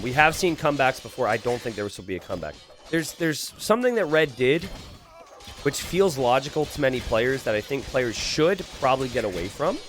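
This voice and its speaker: Lively, animated male game commentator. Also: mid-range voice. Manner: animated, excitable, quick to laugh and exclaim; chatty, asks the viewers questions. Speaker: game commentator and channel host. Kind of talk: casual gameplay commentary.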